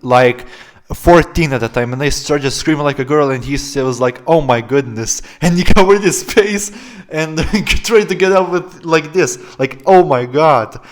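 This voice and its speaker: A man's voice: fairly high pitch, fairly even intonation, moderate pace. A young man telling a story-time vlog in a casual, rambling way, often laughing and filling gaps with "like" and "uh". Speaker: vlogger.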